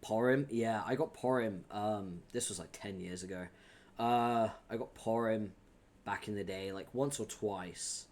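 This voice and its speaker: A man's voice: lowish voice, measured pace, pauses often, a little mellow, a little hiss or hum. A man reading a webcomic aloud on a live stream, chatting with viewers, laughing often and swearing casually.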